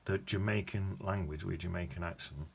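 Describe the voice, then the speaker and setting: Brief: male painting tutor, deep voice, rambling self-correcting chat, noisy background hiss. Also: steady tone, fairly quick, creaky, a little mellow. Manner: chatty, thinking aloud while painting, self-correcting. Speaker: watercolour painting teacher. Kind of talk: casual painting demonstration. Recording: noticeable background noise.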